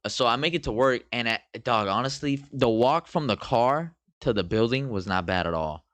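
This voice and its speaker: A young man co-hosting a podcast, telling a story in casual chat, animated and swearing freely as he acts out scenes. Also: mid-range voice, moderate pace, no room sound. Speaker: podcast co-host.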